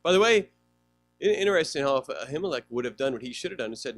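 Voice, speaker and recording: Man preaching with lively, animated pitch. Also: quick pace, faint music behind. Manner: conversational preaching, asks the congregation questions. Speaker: pastor. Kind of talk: sermon.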